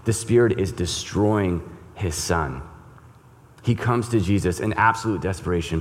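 A man preaching with a low, deep voice, earnest and emphatic, often doubling back on a word as he builds his point. A long reverb hangs after each phrase, as in a large church sanctuary. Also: normal speed. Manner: earnest, emphatic, repeats words. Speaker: pastor. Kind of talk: sermon with scripture reading.

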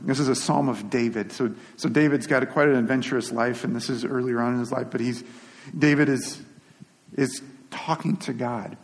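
An earnest male pastor speaks in a relaxed, conversational sermon and stumbles over and repeats words as he goes. His voice sits at an ordinary pitch. It rings out with the long reverb of a large hall. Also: creaky.

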